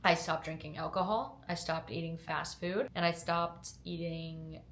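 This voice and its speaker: A woman's voice: deep voice, fairly even intonation, measured pace, a bit bright, a little hiss or hum. A young woman vlogger from upstate New York, raised in Georgia, with a slight Southern twang, answering viewer questions in a candid, chatty way with fillers. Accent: slight Southern twang mixed with upstate New York. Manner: candid, chatty, hedging with fillers, upbeat when motivating. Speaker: fitness lifestyle vlogger. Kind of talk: casual Q&A chat to camera. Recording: echoey room.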